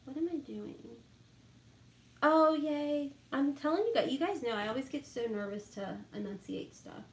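A middle-aged woman chats with live viewers as she does her makeup. She laughs easily and keeps calling out viewers by name. Her voice sits a little high and rings in an echoey room. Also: normal speed. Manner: chatty, laughs often, reads out viewer names. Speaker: beauty vlogger chatting with live viewers. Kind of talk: casual chat while doing makeup.

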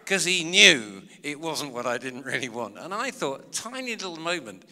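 A comedian spins self-mocking stories for a live audience, his pitch leaping up and down as he goes. His voice is bright and forceful. The sound rings with the long reverb of a big public hall. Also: moderate pace. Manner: chatty, self-mocking, animated anecdotes. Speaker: comedian and author giving a talk. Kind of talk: storytelling talk to a live audience.

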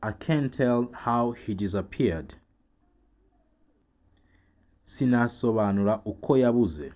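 A man with a Rwandan accent teaching English vocabulary, saying each word twice in a slow, deliberate drill and then translating. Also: mid-range voice, expressive, darkish tone.

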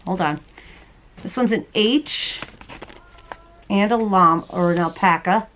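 A woman's voice: medium pitch, unhurried, fairly bright tone, rough recording. A woman hosting her crochet podcast at home late at night, chatting casually and gushing over gifts she shows on camera. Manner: bubbly, chatty, gushes over small things. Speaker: podcast host. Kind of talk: casual chat showing mail and gifts on camera. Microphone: camera she handles while showing items.

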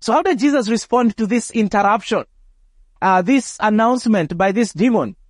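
A man preaching from the pulpit in a high, clear voice, close and dry on the mic. He speaks emphatically, stacking phrases and repeating words as he drives each point home. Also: moderate pace, no room sound. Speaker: pastor. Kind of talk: sermon. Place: church.

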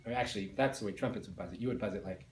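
A man's voice: fairly low pitch, very fast, echoey room. A man teaching beginner band students, explaining each step patiently and counting and singing the notes along. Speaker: music teacher. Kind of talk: patient beginner instrument lesson.

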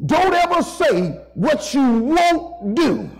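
A man's voice: extremely high pitch, very animated, vocal fry, poor audio. A man preaching a sermon in a church, impassioned, stretching out key words for emphasis and calling the congregation to say amen. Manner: impassioned, drawn-out emphasis, calls for amens. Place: church sanctuary.

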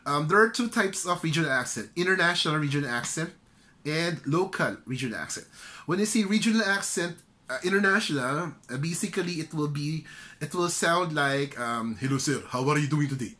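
A man's voice: on the high side, sharp tone. A middle-aged Filipino man giving loose, chatty career tips, often checking in with "okay?". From Philippines. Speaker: career trainer. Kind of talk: casual instructional vlog.

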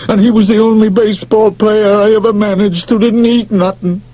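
A man voicing a loud, excitable baseball manager who talks in a brash, gushing way, in an audiobook. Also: medium pitch, normal speed, husky, no echo, pitched above the performer's own voice, poor audio. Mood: plaintive. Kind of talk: audiobook character voice.

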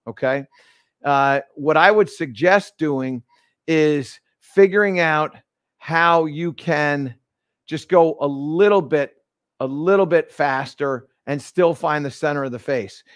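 A man hosting a live golf lesson, explaining each move step by step with energetic restarts in an indoor golf studio. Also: fairly high pitch, no echo. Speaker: golf instructor and show host. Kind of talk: live instructional demonstration.

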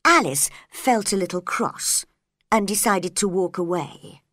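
A woman reading a story aloud for English learners, clear and careful. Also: medium pitch, expressive, unhurried, a bit bright, dry recording, studio quality.

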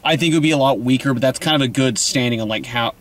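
A man's voice: mid-range voice, very fast. A man co-hosting a casual movie review chat, easygoing and agreeable. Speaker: podcast co-host.

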